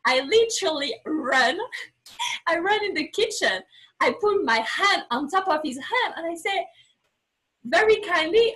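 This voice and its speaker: A woman guest on a podcast, telling a candid personal story with animated, acted-out bits of dialogue; English is not her first language. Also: extremely high pitch, a little slow, rough recording. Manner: animated, acts out quoted dialogue, frequent restarts.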